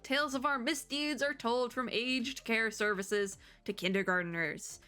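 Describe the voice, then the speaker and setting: A woman puts on a swaggering male gang boss with a country twang, pompous and theatrical, all puffed-up declarations. The voice stays bright and forceful, pitched a little high for a tough guy, like a game character read aloud. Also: steady tone, a little slow, soft background music. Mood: boastful. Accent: country (put on). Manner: boastful, theatrical.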